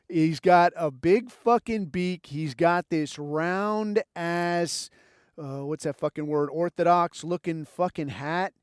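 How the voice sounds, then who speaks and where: A man's voice: a little high, dry recording, clean studio sound. Profane, rambling podcast ranter, man. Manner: rambling, heavy swearing, sarcastic. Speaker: podcast host. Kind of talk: profane comedic rant.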